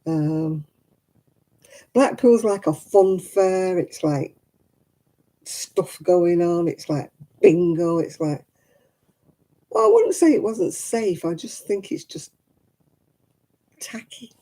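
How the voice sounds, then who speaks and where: A woman's voice: on the low side, sing-song, slow pace, long pauses, warm tone. A woman hosting a crafting livestream, chatting frankly and casually with viewers and calling them by name.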